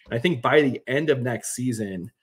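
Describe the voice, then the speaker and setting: Male co-host, casual sports chat, mid pitch, loose and animated. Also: normal speed, breathy edge. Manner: animated, rambling with fillers. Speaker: podcast co-host.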